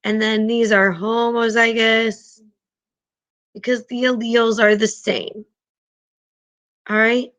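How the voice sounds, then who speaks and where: A woman's voice: fairly high pitch, flat delivery, takes it slowly, pauses often, a bit bright, poor audio. A woman teaching a class, patiently explaining and often checking in with her students.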